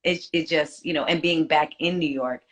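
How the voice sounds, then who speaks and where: In a casual interview, a singer in her forties talks reflectively at normal speed, her voice sitting low. She uses many fillers as she chats.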